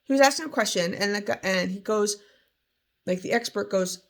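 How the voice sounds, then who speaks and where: Gravelly-voiced woman, chatty recap. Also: mid-range voice, brisk. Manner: chatty, rambling, many fillers and restarts. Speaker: commentator recapping a trial. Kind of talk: casual chat.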